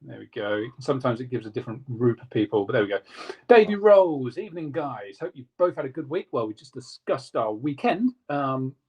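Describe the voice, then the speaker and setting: A man co-hosting a casual live stream, reading out viewer comments in a quick, jokey way. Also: mid-range voice, sing-song, darkish tone, husky. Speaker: co-host reading live chat.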